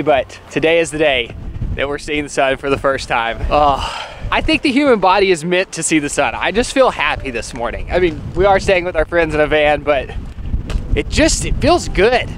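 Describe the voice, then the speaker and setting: A man's voice: fairly high pitch, fairly quick, fairly bright tone, a little hiss or hum. Upbeat man narrating a travel vlog. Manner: upbeat, laughs often. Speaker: vlog host.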